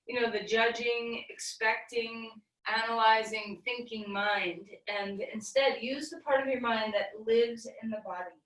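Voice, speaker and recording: Gentle woman yoga teacher in an echoey room. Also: on the high side, recorded from a distance. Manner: calm, gentle, encouraging cues. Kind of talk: guided yoga class instruction.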